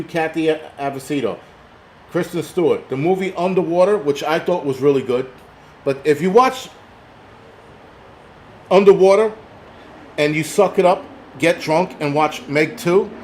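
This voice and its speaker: A middle-aged man, a little tipsy from liquor, rants profanely on a casual live stream and reads chat comments aloud. His voice runs on the high side with a darkish tone, and there's a little hiss or hum.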